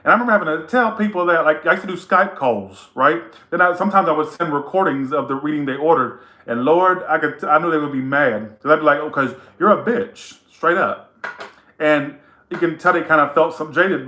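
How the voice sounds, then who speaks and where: Blunt, bright-voiced man reading tarot. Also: on the high side, quick pace, reverberant. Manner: blunt, profane, teasing. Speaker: tarot reader. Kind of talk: casual tarot reading to camera.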